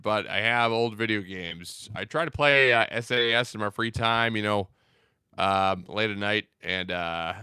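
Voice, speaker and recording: A man's voice: fairly low pitch, sharp tone, clean tone, no echo, studio quality. A young man hosting a casual livestream, reading out viewer comments in a loose, rambling way with many fillers. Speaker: livestream host.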